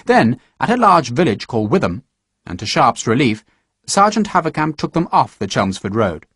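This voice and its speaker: A man narrating an audiobook with a steady, measured reading. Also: mid-range voice, husky, no echo, clean studio sound.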